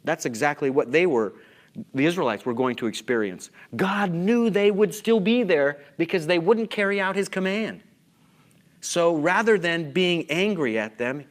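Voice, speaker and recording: Man, slightly higher voice, emphatic conference lecturer, asks the audience questions. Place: conference hall.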